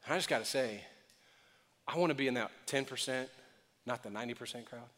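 A male pastor preaching a sermon in an expressive, conversational way, with acted-out quotes. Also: medium pitch, brisk, big-room sound.

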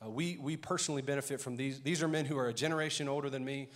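A man's voice: medium pitch, fairly even intonation, racing. Cajun male pastor, upbeat announcements voice, rallying the room. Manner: loud, rallying the congregation. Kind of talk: energetic church announcements.

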